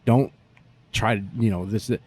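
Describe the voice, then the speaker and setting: A man, a barbecue pitmaster telling stories in a profane, animated way during a casual interview. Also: on the low side, normal speed.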